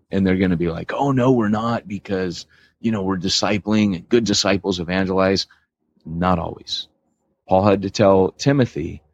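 A man's voice: lowish voice, breathy edge, dry recording, dull audio. An American man co-hosting a church planting podcast, talking casually and joking as he explains his point. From United States. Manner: animated, joking, restarts a lot.

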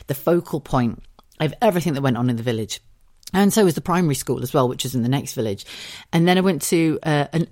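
A woman in her thirties from Cheshire in England with an English accent, hosting a solo podcast in a chatty, animated way and swearing freely. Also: very deep voice. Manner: chatty, swears freely, animated storytelling with put-on quoted voices. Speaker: podcast host.

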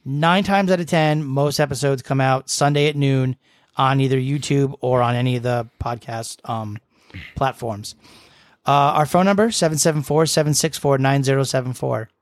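A man's voice: medium pitch, moderate pace, dry recording, studio quality. A young man co-hosting a podcast, joking and rambling through the show info. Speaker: podcast co-host. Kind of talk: casual chat.

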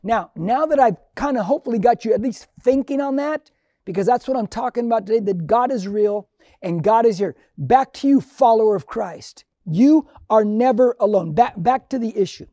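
A man's voice: very high voice, lively intonation, moderate pace, mellow, dry recording, studio quality. A middle-aged man preaching a sermon, building emphasis through repeated phrases and rising calls. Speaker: pastor.

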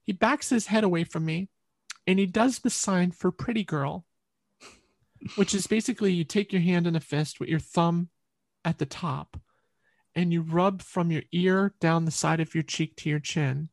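Recorded dry, a middle-aged woman with a fairly low pitch tells a personal story as a guest on a podcast. She speaks earnestly, hesitating and restarting many times.

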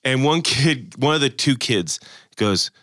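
Thirties male podcast co-host, bright voice, dry close sound, animated storyteller. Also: mid-range voice, a little slow, no room sound. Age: 30s. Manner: animated storyteller, acts out others' lines. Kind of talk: casual faith chat.

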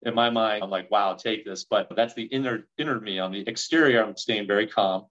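Guesting on a podcast interview, a real estate investor tells a story with animated flair, acting out quoted dialogue. He speaks a little fast in a low voice, and the audio is muffled.

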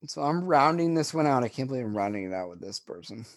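A man co-hosting a podcast tells stories in a casual, animated chat, laughing often. His medium-pitched voice moves at a quick pace, and the studio-quality recording has no room sound.

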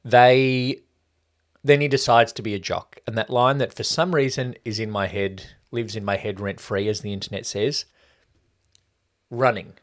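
A man's voice: fairly low pitch, fairly even intonation, normal speed. A man co-hosting a casual movie review podcast, dissecting scenes and parodying line readings with exaggerated emphasis. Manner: mimics lines with exaggerated emphasis. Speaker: podcast co-host.

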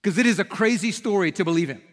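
A male pastor in a church sanctuary tells a story during his sermon in an animated, emphatic style. His voice is high-pitched and fast, trailed by a long reverb tail.

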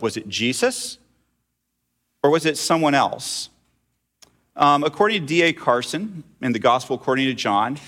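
A man's voice: medium pitch, a bit bright. A middle-aged man preaching a sermon in a conversational way, putting questions to his congregation. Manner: conversational, asks the audience questions. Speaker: pastor.

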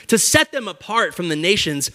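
A casual, reasoning God figure, spoken by a man preacher laying out the terms of a relationship. He is firm yet patient, with a high, bright voice. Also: big pitch swings, moderate pace, heavily acted.

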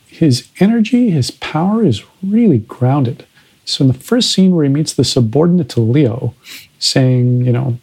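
A man's voice: on the high side, lively intonation, normal speed, warm tone, husky, low-quality recording. A man hosting a podcast, analyzing films in a conversational way. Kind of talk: casual film discussion.

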